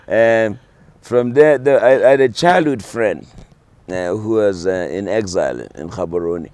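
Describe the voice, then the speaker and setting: A man in his seventies telling stories as a guest, animated and full of fillers and restarts. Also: fairly low pitch, slow pace, pauses often, dry recording. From South Africa. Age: 70s. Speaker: guest musician. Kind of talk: casual storytelling.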